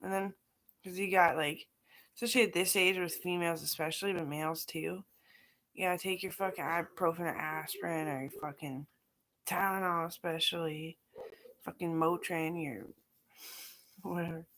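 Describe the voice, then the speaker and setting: A woman's voice: lowish voice, steady tone, normal speed, long pauses, a bit bright. A middle-aged woman talking in a rambling, casual monologue, profane and scattered, jumping from aside to aside. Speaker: vlogger.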